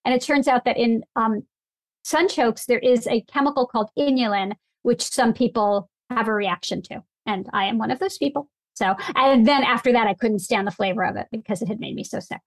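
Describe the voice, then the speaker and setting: Woman, higher voice, animated, emphatic, chatty interview guest. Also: a little fast, no room sound. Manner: emphatic, animated storyteller, laughs often. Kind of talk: casual interview chat.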